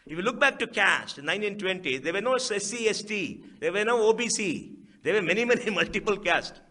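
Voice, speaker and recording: High, bright Indian man giving a speech. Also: animated, fairly quick. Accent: Indian English. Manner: emphatic, rhetorical questions, repeats key phrases. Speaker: speaker at a book event. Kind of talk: public speech.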